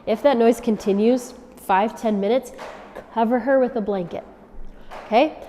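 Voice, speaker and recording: A woman dog trainer giving instructions to dog owners, often checking in with a quick "okay?". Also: a little high, warm tone, slight background noise. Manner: coaching, checks in with frequent "okay?". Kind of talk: instructional demonstration. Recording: long reverb.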